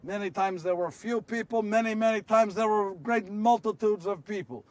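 Outdoors on location, a man with a high-pitched, natural voice delivers a first-person monologue as a devout apostle remembering miracles, speaking at a moderate pace. His storytelling is fervent, full of rhetorical questions to the audience and rising into shouts. The recording is dry, and he's distant from the microphone.

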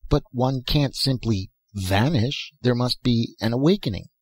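A man reading aloud and voicing a gentle, mournful young woman from a dream world, speaking tenderly and softly. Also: fairly low pitch, animated, moderate pace, slightly rough, no echo. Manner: tender, soft-spoken pleading.

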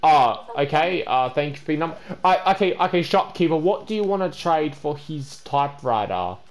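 A man's voice: on the high side, lively intonation, fairly quick. Stammering young man scolding during gameplay. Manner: stammering, repeats words, scolds loudly. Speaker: gaming channel host. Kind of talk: casual gameplay chat.

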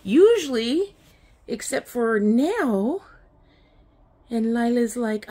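A woman's voice: medium pitch, expressive, a little slow, gravelly, darkish tone, husky. A woman filming her cats on a phone, chatting to them affectionately in a casual pet vlog. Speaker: vlogger.

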